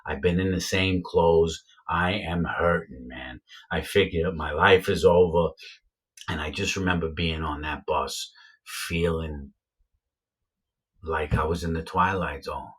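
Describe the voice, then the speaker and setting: Brief: a husky, deep-voiced man from New York, rambling through a story. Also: a bit bright. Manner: rambling, many uh fillers, repeats himself. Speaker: vlogger telling his own story. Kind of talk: casual storytelling to camera.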